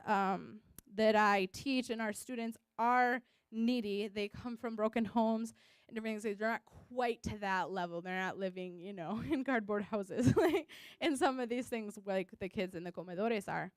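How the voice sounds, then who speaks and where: A woman's voice: on the high side, moderate pace, a little mellow, clear, resonant tone, no room sound. A young adult woman, a missionary teacher, giving a casual personal testimony in a chatty way, full of "like", laughing often and acting out what she said at the time. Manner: chatty, frequent "like", laughs often, acts out her own past remarks.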